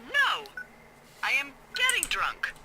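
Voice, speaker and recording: A woman's voice: high voice, wildly swooping pitch, takes it slowly, full character voice. A woman voicing a teasing, wry female fire lookout who banters over the radio. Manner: playful, flirty banter. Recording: heavy background noise in game audio.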